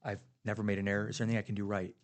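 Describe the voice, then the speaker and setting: A man's voice: on the low side, flat delivery, racing. A man on a podcast telling heartfelt stories about his kids in casual chat, getting emotional. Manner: earnest, emotional storytelling. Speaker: podcast guest.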